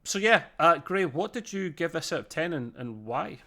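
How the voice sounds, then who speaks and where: A man's voice: a little high, animated, moderate pace, sharp tone. A man co-hosting a podcast, talking through a review in a casual, rambling way that often digresses. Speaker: podcast co-host.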